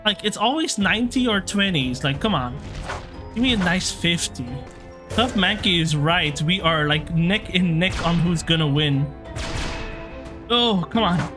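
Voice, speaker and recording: A young man chatting excitedly through his gameplay commentary, reacting out loud to every turn as he plays. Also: sits high, normal speed, over music. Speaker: let's play gamer.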